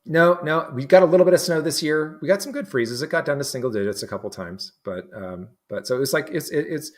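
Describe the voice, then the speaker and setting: A man from New England, a guest in a casual conversation, who talks haltingly with many restarts and fillers. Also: fairly high pitch, animated. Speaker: interview guest.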